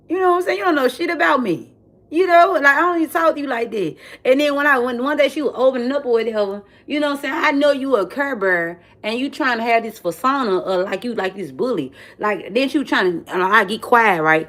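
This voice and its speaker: Woman vlogger, casual and profane, animated storyteller. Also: mid-range voice. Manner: animated, profane, repeats "friend" and "you know what I'm saying".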